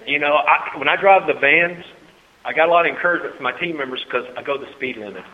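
A man preaching a sermon to a congregation, swinging between soft asides and loud, high-pitched exhortation and calling for amens. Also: fast talker. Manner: talks with the congregation, calls for amens. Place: church hall. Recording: tinny phone-like recording in a reverberant hall.

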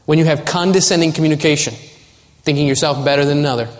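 A man's voice: fairly high pitch, steady tone, fast. Earnest preacher man in a reverberant hall. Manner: earnest, rising to urgent warnings. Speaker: pastor. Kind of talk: sermon.

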